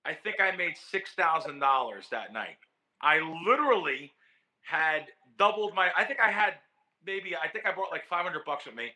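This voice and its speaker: A man with a very bright, forceful voice tells a long story in an interview. He is animated and emotional, stumbling over himself and repeating words as he goes. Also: high voice, normal speed. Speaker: guest, professional sports bettor.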